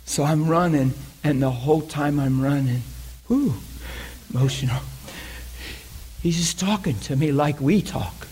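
A man preaching, telling a personal story with animated energy and frequent laughter. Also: a little high, normal speed, a little hiss or hum. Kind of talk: sermon storytelling.

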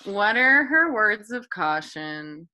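A woman co-hosting a podcast in casual chat, reacting in a squeamish and expressive way with long, drawn-out reactions. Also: medium pitch. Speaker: podcast co-host.

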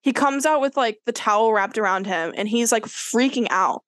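High-voiced young woman telling a story. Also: normal speed, no room sound. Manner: animated storyteller, fills with "like", acts out quotes. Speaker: podcast co-host. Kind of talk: casual storytelling chat.

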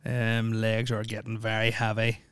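A man's voice: fairly low pitch, completely flat delivery, moderate pace, fairly bright tone, smooth. A man hosting a solo podcast, rambling with lots of ums and dry jokes. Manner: rambling, filler-heavy, joking. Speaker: podcast host. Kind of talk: casual solo podcast chat.

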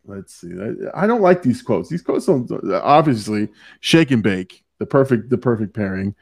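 A man's voice: mid-range voice, big pitch swings, normal speed, creaky, a little mellow, slightly rough. A man hosting a podcast, chatting casually about a movie, laughing often and reading quotes aloud. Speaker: podcast host. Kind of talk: casual movie review chat.

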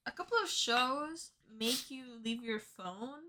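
A woman's voice: high-pitched, slow, crowd noise. A woman speaking English as a second language, chatting animatedly with a co-host about TV shows. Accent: non-native English. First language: not English. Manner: animated, talks over her partner. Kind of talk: casual chat.

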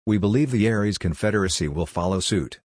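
A man voicing a calm, coldly logical android envoy who speaks in a level, matter-of-fact way. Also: lowish voice, brisk, slightly rough, no echo, clean studio sound.

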